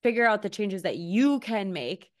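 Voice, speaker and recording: A woman's voice: medium pitch, animated, normal speed. A woman hosting a podcast in a casual, chatty way, using lots of fillers and agreeing readily. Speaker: podcast host.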